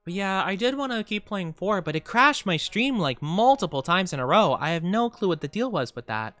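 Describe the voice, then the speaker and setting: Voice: medium pitch, big pitch swings, a little fast, a bit bright, no room sound, faint music behind. A live streamer in casual chat with viewers, rambling and thinking aloud with lots of fillers.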